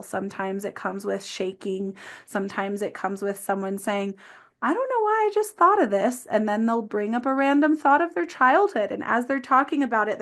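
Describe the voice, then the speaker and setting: A woman physical therapist talking earnestly as a podcast guest, with frequent "um" and "like" fillers. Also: medium pitch. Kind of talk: explanatory interview talk.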